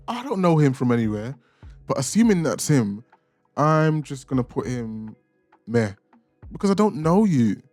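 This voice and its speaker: A man's voice: mid-range voice, a little mellow, dry recording. Young male host, casual, opinionated, teasing delivery over light background music. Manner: chatty, opinionated, playfully insulting. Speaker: reaction channel host. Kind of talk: casual ranking commentary.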